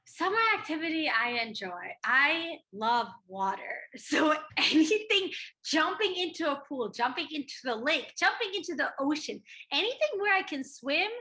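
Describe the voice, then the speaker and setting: A woman's voice: sits high, very animated, moderate pace, pushed and bright. A young woman from the United States, a podcast guest chatting casually, bubbly with frequent laughs and fillers. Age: young adult. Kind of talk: casual chat.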